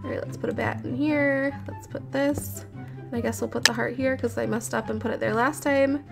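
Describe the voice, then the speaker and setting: A woman commentates as she builds in a game, chatty, nervous, and giggly with her viewers. Her voice sits on the high side and is creaky, with a steady tone and moderate pace, heard over game audio and background music.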